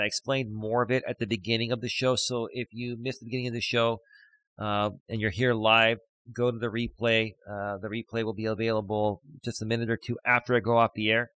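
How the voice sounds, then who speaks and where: A man's voice: mid-range voice, fairly bright tone, dry recording, poor audio. Middle-aged male streamer-coach, casual and rambling, reads comments aloud; dry, close recording. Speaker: live stream host, life coach. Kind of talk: casual live stream chat reading comments.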